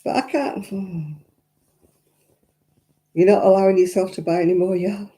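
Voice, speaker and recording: An older woman from Royton in North West England, with a Lancashire accent, hosts a crafting livestream in a mid-range, dark-toned voice at a moderate pace with fairly even intonation. She chats casually, rambling through viewer comments and chuckling often.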